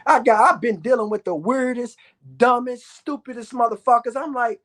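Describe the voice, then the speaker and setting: Speaking at a moderate pace in a very high voice, a male vlogger in his thirties rants loudly and profanely to his viewers. His monologue is punctuated by bursts of shouting.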